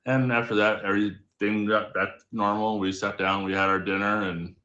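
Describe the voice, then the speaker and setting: A man guest on a live stream, casually telling a rambling family anecdote with quick restarts. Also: lowish voice, little pitch movement, sharp tone, roomy sound, lo-fi sound. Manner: rambling, self-correcting storyteller. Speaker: storytelling guest. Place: home streaming setup.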